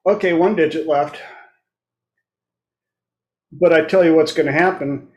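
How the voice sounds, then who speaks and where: Speaking a little slowly, the host's fairly high voice stays steady and a bit mellow, with the room adding echo. It's easygoing talk-show chat full of blunt stories where he imitates the people involved.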